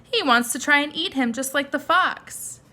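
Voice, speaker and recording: A teacher reading a picture book aloud to young children and asking them questions. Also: female voice, sits high, moderate pace, bright, forceful tone. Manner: friendly questions to young listeners. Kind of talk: children's story read-aloud lesson.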